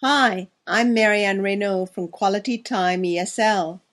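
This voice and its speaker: A woman teaching English pronunciation on a podcast, reading word lists slowly and clearly for listeners to repeat. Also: medium pitch, a bit bright. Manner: slow, careful, clearly enunciated word lists. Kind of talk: pronunciation drill lesson.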